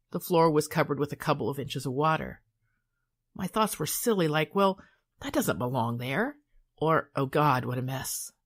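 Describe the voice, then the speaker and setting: An older woman reading her own memoir aloud in a calm, measured, soothing way. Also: sits low. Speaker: author and hypnotist.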